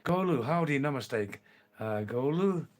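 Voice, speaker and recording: Slow-talking English-born man on a livestream. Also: medium pitch, expressive. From England. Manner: slow, halting, repeats himself. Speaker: livestream host. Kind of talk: live stream chat replying to viewers.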